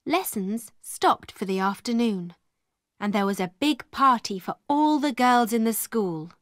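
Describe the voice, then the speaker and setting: A woman narrating a simple story for English learners in a slow, clear and deliberate way. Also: a little high, expressive, no echo, clean studio sound. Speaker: storybook reader.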